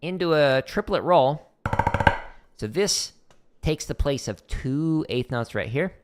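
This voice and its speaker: Soft music plays in the background as a man with a slightly high, animated voice speaks slowly. He's streaming a drum rudiment lesson from his home practice room, counting patterns aloud into a desk microphone in a loose, chatty style packed with "like" fillers.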